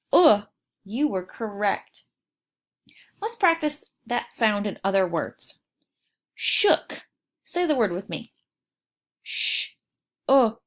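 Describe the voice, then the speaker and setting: Woman teacher doing a phonics video for kids, slow and careful, voice going way up and down. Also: mid-range voice, a bit bright. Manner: slow, exaggerated sounding out of words. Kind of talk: phonics lesson narration to children.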